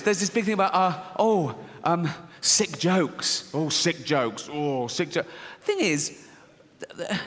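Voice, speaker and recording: A man's voice: sits high, a bit bright. A British man doing stand-up, blunt and brash, laughing at his own jokes and a little out of breath. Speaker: stand-up comedian. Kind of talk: stand-up routine. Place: large theatre stage. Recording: stage mic with hall reverb.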